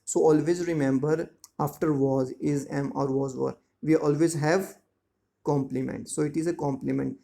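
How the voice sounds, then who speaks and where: A man teaching a school lesson, explaining words slowly and checking that students follow. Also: on the high side, fairly even intonation, creaky, warm tone. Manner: slow, repetitive explaining with frequent check-ins. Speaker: English teacher. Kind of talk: classroom lesson explaining grammar and syllables.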